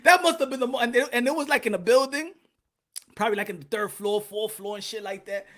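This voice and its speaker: A man's voice: very high-pitched, fairly even intonation, fast, fairly bright tone. A man hosting a podcast, telling a funny story in a casual, profane way and laughing often. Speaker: podcast host.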